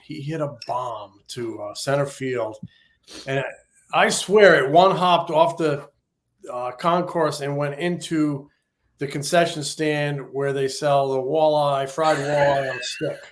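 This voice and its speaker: A man on a casual baseball talk show, relaxed and reminiscing. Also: fairly high pitch, a little slow.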